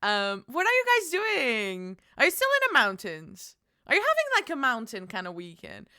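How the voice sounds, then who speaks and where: A woman's voice: on the high side, wildly swooping pitch, moderate pace, bright, forceful tone, clear, resonant tone, dry recording, studio quality. A young woman streamer chatting casually with her viewers, giggly and bubbly, with squealing greetings and playful cursing. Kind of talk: casual livestream chat with viewers.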